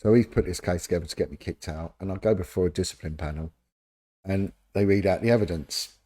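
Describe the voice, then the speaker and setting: A man's voice: low-pitched, quick pace. A middle-aged man with a London accent, a former detective telling stories in a casual interview and acting out the people in them. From London, England. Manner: animated anecdotes, acting out quoted voices. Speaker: former police detective, podcast guest.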